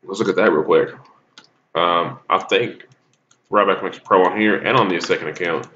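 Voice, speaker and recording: A man's voice: deep voice, normal speed, a bit bright, lo-fi sound, slight background noise. A man giving rambling, casual commentary on a mobile game, coughing and sneezing with a cold. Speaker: gaming YouTuber.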